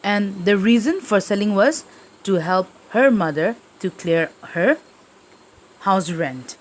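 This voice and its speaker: A woman's voice: medium pitch, expressive, slow, rough recording. A woman teacher explaining a play to her class, often checking in with the listeners and using fillers. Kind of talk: literature lesson explanation.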